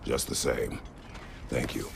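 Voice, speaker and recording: Very deep, gravelly, terse warrior god for a game, ambient noise behind. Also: male voice, slow pace, exaggerated voice. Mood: stern. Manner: terse, curt, solemn. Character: stern, terse aging male warrior god. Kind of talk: video game voice acting.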